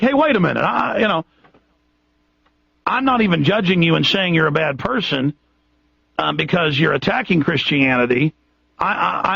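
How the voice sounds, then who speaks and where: Gravelly, indignant radio host. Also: male voice, fairly high pitch, a bit bright, dry recording. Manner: impassioned, indignant ranting with many restarts. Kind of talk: monologue on a radio show. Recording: dull lo-fi radio broadcast, dry.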